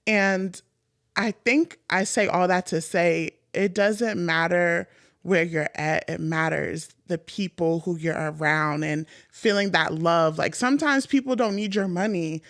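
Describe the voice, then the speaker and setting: A woman podcast host telling a personal story in an animated, chatty way, full of "like" fillers. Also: on the low side, measured pace, no echo, clean studio sound.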